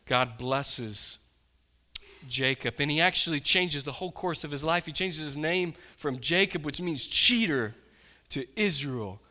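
Male pastor, sermon delivery, bright tone, impassioned with loud-to-quiet swings. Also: mid-range voice, long reverb tail. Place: church.

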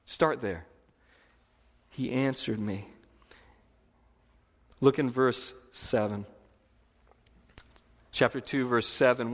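A man preaching a sermon as pastor, in a conversational, lively way with emphatic repetition. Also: mid-range voice. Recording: long hall reverb.

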